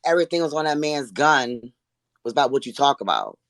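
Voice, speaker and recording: A woman from Buffalo, New York, calling in to a heated debate, talking in halting, rambling runs full of fillers. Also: extremely low pitch, animated, no echo. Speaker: caller.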